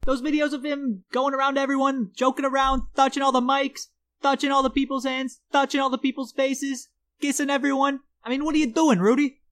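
A woman's voice: high-pitched, level tone, fairly quick. A woman co-hosting a comedy podcast, trash-talking with brash, mocking, exaggerated outrage. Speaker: podcast co-host.

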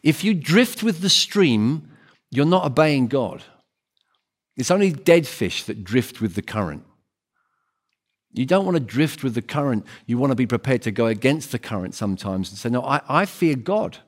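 A man's voice: mid-range voice, lively intonation, normal speed. Earnest male preacher, emphatic repeats. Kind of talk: sermon.

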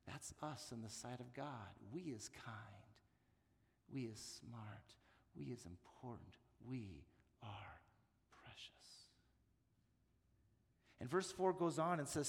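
High-voiced pastor preaching in a reverberant hall. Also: male voice, a bit bright. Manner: earnest, stumbles and repeats words when moved. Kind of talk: sermon.

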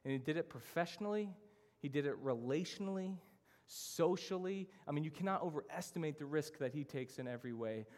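A man's voice: on the high side, animated, brisk, a little mellow. A man preaching a sermon as pastor, earnest and emphatic, moving through his points in lists. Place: church hall. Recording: church sermon with long hall reverb.

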